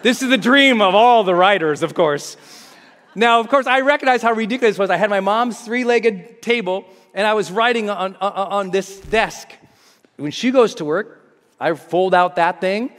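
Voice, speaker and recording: Animated storytelling man in an echoey hall. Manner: animated, acts out scenes with big pitch jumps. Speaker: motivational speaker. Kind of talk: storytelling talk to an audience.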